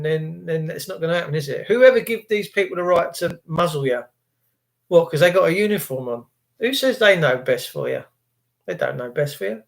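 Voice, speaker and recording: A man's voice: sits high, a bit bright. A man, ranting and swearing angrily to viewers on a live stream, with sarcastic asides.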